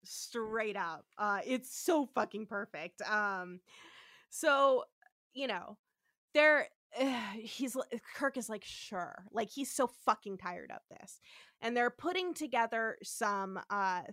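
A woman co-hosting a casual comedic podcast recap, animated and swearing freely as she acts out characters in quick bursts. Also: on the high side, no echo, studio quality. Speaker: podcast co-host.

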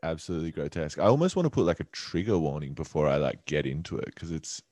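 A man's voice: a bass voice, big pitch swings, fast talker, a little mellow. A man co-hosting a podcast in casual comedic chat, laughing often and playing with his inflections. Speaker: podcast co-host.

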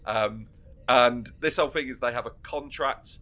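A man's voice: mid-range voice, moderate pace, pushed and bright. A man co-hosting a casual podcast chat, laughing often and acting out scenes as he retells them. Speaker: podcast co-host.

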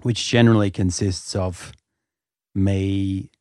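A man with a low voice speaks in a wry, deadpan way as a podcast co-host. His delivery is dry, and the sound is close with no room around it. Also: slow, smooth, no room sound. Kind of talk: casual chat.

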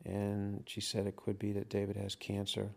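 A man giving a tour of a garden and house, talking in a halting, reflective way with many fillers. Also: fairly low pitch, completely flat delivery, vocal fry. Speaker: widower giving a home tour. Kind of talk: interview recollection while walking. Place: garden outdoors. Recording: outdoor noise with passing traffic.

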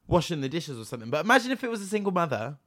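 A man's voice: fairly high pitch, very animated, rapid-fire, a bit bright, no echo, clean studio sound. A young man telling a story in casual chat, swearing freely and acting out both sides of a phone call.

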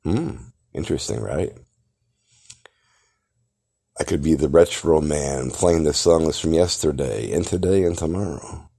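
Deep gravelly boastful man. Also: a little slow, pauses often, warm tone. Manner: boastful, theatrical, lectures the listener. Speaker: podcast host. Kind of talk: grandiose self-promoting monologue.

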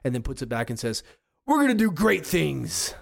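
A man's voice: on the high side, big pitch swings, moderate pace, creaky, exaggerated voice. A man voicing the world's top superhero in a tabletop game, a boastful, domineering man who talks in swaggering threats.

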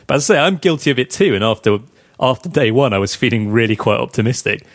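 A man's voice: medium pitch, animated, quick pace, dry recording, clean studio sound. A man co-hosting a casual cricket podcast, chatty and teasing, often laughing while he talks. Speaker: podcast co-host.

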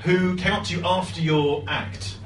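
A man's voice: sits high, normal speed. A man interviewing a comedian in casual chat, laughing as he talks. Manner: lively, laughing while talking. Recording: echoey, distant, noisy.

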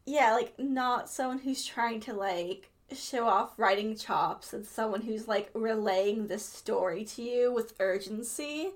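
Woman, podcast co-host, fairly high voice, enthusiastic, lots of filler words. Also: measured pace, hardly any pauses. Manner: enthusiastic, heavy use of "like", floats theories. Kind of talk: casual chat.

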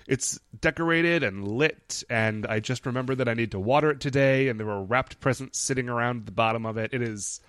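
Guy with dry deadpan humor cohosting a podcast, dead dry mic, mid voice. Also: mid-range voice, a little fast, hardly any pauses, clear, resonant tone, no echo. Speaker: podcast co-host. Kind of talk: casual chat.

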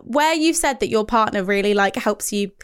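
A woman's voice: medium pitch, expressive, moderate pace, smooth. A woman hosting a podcast, chatting casually with her guest and dropping plenty of fillers. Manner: friendly, chatty, lots of "like". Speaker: podcast host.

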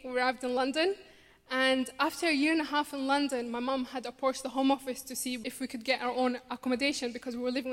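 A woman in her twenties from Somalia with a Scottish accent, telling her own story earnestly with dry humor on a theatre stage. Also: high-pitched. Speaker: refugee campaigner speaking at a charity show. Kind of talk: personal story told on stage. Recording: long theatre hall reverb.

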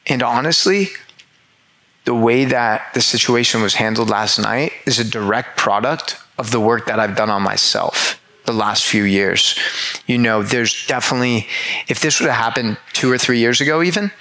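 Bright-voiced man giving an earnest pep talk. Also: mid-range voice, moderate pace, low-quality recording. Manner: heartfelt, emphatic, repeats phrases for emphasis; swears casually. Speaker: motivational speaker. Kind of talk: earnest motivational monologue.

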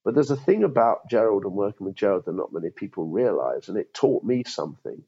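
A man's voice: on the low side, sing-song, quick pace, dark tone, breathy edge, dull audio. A man in his fifties, a former law firm chief, thinking aloud in an interview with frequent restarts. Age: 50s. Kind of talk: interview conversation.

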